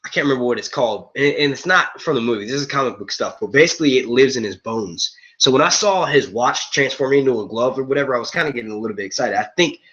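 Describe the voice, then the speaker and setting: Male stream host, loose profane chatter, bright edgy voice, dull lo-fi audio. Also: mid-range voice, expressive, fast, hardly any pauses. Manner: rambling, profane, casual, says "yo" a lot. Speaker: host of a movie and TV review stream. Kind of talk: live-stream chat with viewers.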